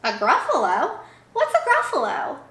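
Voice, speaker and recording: A sly, hungry storybook fox, put on by a woman reading aloud, pitched well above her own voice and sweetly coaxing. The tone swings widely, and the sound is bright against an echoey room. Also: sing-song, a little slow, full character voice.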